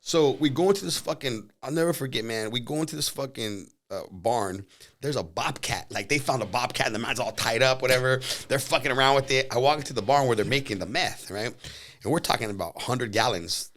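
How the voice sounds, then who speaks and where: Guy on a podcast telling wild stories real fast, cussing a lot, doing everyone's voices. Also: medium pitch. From Southern California. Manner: animated, profane, acts out voices in his stories. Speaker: podcast guest, jiu-jitsu instructor. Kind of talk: casual storytelling. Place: podcast studio.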